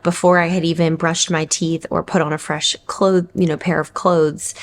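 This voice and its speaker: A woman in her thirties, a mother vlogging, telling a personal story in a candid, reflective, conversational way. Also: lowish voice.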